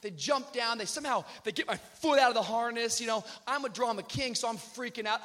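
A man preaching a sermon, telling a funny personal story and acting out the voices with shouts. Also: very high voice, fairly quick, few pauses. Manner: animated storyteller, acts out shouted quotes. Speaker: pastor.

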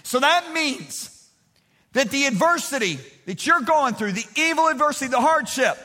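High, bright-voiced male preacher. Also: expressive, normal speed, big-room sound. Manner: emphatic, calls on the congregation to respond aloud; swings between loud shouting and quiet storytelling. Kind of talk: sermon.

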